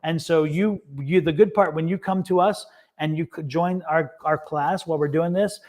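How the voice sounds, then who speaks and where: On a casual livestream, a tarot reader and co-host hosts a live reading session, laughing a lot and saying things more than once. His voice is on the high side and a little mellow, with fairly even intonation and a moderate pace.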